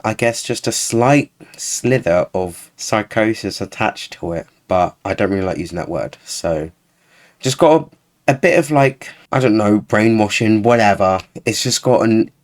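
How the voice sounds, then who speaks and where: A man talks through a reaction video in a casual, sarcastic way. His voice sits a little low and he sounds openly exasperated. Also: measured pace. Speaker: YouTuber.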